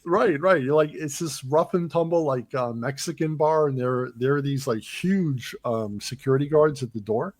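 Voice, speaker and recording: This movie podcast host has a mid-range, darkish voice and talks at normal speed with hardly any pauses. He chats loosely through scene recaps, performing quoted lines amid lots of ums and restarts, in a close, dry recording with no echo.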